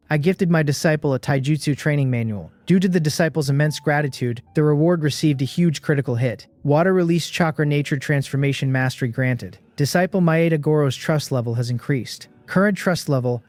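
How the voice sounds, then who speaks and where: A man giving a scripted first-person story recap, steady and measured, in short even sentences. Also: a little high, no echo. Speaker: recap narrator.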